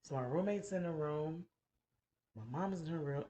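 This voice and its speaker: A woman's voice: sits low, a little fast, dark tone, muffled recording, slight background noise. A woman in her thirties telling a frank, profane story on a casual chat show. She laughs often and talks in a playful way. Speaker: podcast host telling a story.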